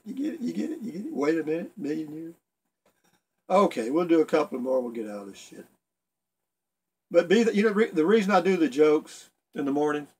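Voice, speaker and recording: A man's voice: on the high side, husky. A middle-aged man casually reading jokes aloud for his video blog, rambling a bit and chuckling at his own punchlines. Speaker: video blogger telling jokes.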